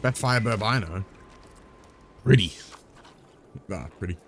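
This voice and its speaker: A man's voice: on the low side, animated, moderate pace, noisy background. A man streaming a game live, chatting casually in a rambling, joking way with some swearing.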